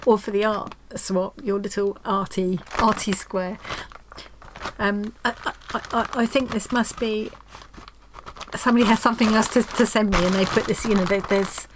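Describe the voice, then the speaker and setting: A woman's voice: medium pitch, noisy background. Gushing woman opening a craft parcel. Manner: gushing and excitable, with frequent restarts. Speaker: craft vlogger hosting a stitchery swap. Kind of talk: casual unboxing chat.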